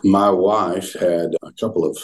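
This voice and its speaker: An older man with a Southern US accent, a former pastor telling his story as a podcast guest in an earnest, halting way full of restarts. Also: low voice, steady tone.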